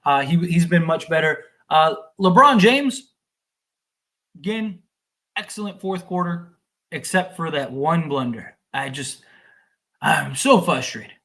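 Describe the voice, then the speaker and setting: A man hosting a sports livestream, fuming and exasperated as he rants and recaps the game, sometimes shouting. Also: on the high side, expressive, slow pace. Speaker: sports podcast host.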